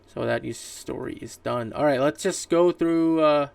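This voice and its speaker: A man's voice: on the high side, measured pace, vocal fry, a little mellow, clean tone, no room sound. A man hosting a solo podcast, chatting casually through gaming news in a rambling way, full of fillers and restarts. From Canada. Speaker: podcast host. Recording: distant mic, dry room.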